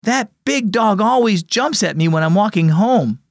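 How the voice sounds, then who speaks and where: A man's voice: high-pitched, lively intonation, moderate pace, vocal fry, no room sound, clean studio sound, voice pushed up. A man voicing a nervous young boy in a children's storybook devotional, with a raised, youthful delivery. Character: nervous young boy facing a big dog.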